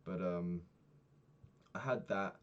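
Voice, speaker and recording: A young man, a personal trainer, candidly recapping his week and swearing freely, getting animated when retelling annoyances. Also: sits low, slow, dull audio. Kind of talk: casual vlog recap.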